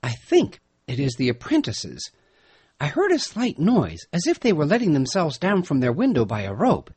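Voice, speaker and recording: A man's voice: a little high, wildly swooping pitch, normal speed, darkish tone, slightly rough, voice pushed up, full character voice. A man voicing an earnest young man in a storybook reading, eager and polite. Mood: urgent. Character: earnest, alert young man keeping watch.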